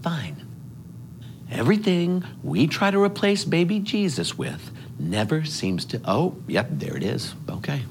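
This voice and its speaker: A man acting as a goofy, oblivious dad in a comedy sketch, talking in an excitable, rambling way. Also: lowish voice, normal speed, slight background noise. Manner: excitable, rambling, lively delivery.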